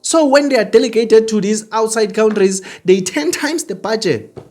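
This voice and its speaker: A man's voice: sits high, moderate pace, a little mellow, faint music behind. A man hosting an opinionated commentary monologue, talking earnestly and repetitively straight to his viewers. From South Africa. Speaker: commentary channel host.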